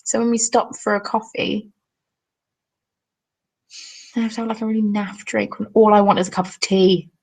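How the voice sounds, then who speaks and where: Chatty woman with a gravelly edge. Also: mid-range voice, steady tone, moderate pace, pauses often, darkish tone, rough recording. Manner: chatty and self-deprecating, apologetic asides. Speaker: crafting livestream host. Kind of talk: casual live-stream chat, reading comments.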